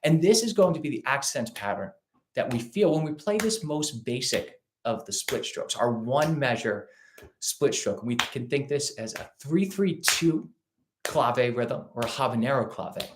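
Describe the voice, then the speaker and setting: A man's voice: medium pitch, animated, a little slow, background noise. Man teaching rhythm, counting beats aloud. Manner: counts and chants rhythms aloud while clapping; patient, explanatory, asks rhetorical questions. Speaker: ukulele teacher. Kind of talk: live-streamed music lesson.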